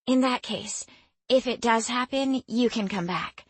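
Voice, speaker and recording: An unsure but good-natured teenage girl, as a woman narrator puts her on. She sounds a touch hesitant and sits higher than the narration. The recording is dry and close. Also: unhurried, husky, dry recording. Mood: playful.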